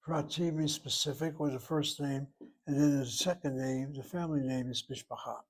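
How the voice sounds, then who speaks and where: A man giving a recorded Hebrew lesson, slowly explaining syllables and vowel marks. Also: fairly high pitch, steady tone, poor audio. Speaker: Hebrew teacher. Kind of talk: recorded independent-study lesson.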